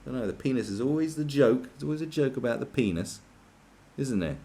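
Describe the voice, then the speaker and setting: A man's voice: medium pitch, lively intonation, quick pace, mellow. A man on a podcast, ranting crudely and sarcastically with many restarts and mocking asides. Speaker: podcast host. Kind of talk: crude comedic rant.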